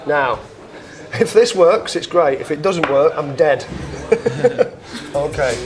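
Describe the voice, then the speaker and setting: Joking street magician, slightly high voice. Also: male voice, big pitch swings, music in the background. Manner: joking, chatty, quick asides to onlookers. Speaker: street magician and show host. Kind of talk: comic magic patter with spectators. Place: city streets, outdoors.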